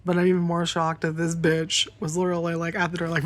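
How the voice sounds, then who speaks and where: Woman vlogger, casual storytime rant, slightly low voice, rambling, freely profane. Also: completely flat delivery, fast. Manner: rambling, swears freely, lots of fillers.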